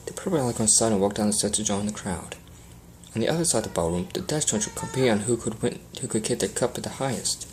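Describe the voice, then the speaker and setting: A man's voice: on the low side, fast talker, a little hiss or hum, rough recording. A man narrating fan fiction in a plain amateur reading style, with small slips.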